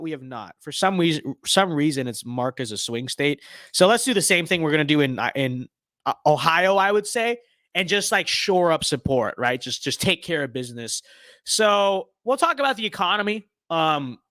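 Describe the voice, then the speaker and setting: A man's voice: fairly high pitch, a bit bright, no echo, studio quality. A young man streaming a game, giving casual rambling commentary with tongue-in-cheek bragging.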